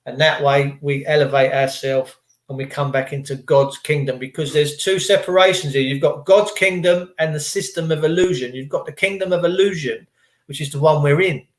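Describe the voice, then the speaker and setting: Preachy man, slightly high voice. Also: steady tone, moderate pace. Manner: preachy, rambling, slangy. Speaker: vlogger. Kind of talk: casual spiritual monologue to viewers. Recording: echoey room.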